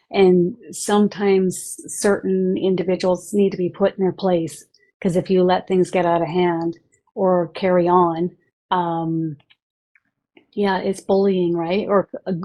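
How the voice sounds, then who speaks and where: Woman, livestream channeler, earnest, halting, low mellow voice. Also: poor audio. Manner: earnest, halting, many fillers. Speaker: spiritual channeler and host. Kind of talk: livestream chat about channeled messages.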